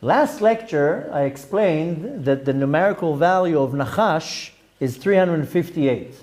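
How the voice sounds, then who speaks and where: A man's voice: a little high, animated, a little slow, darkish tone. A man, a rabbi giving a Torah lecture to a class, explaining step by step with terms and side notes. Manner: explanatory, with Hebrew terms and frequent asides.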